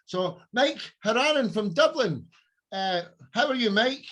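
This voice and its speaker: A man's voice: high-pitched, animated, measured pace, a bit bright. A man hosting a music podcast, chatty and effusive as he introduces guests. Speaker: podcast host. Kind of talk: casual podcast chat.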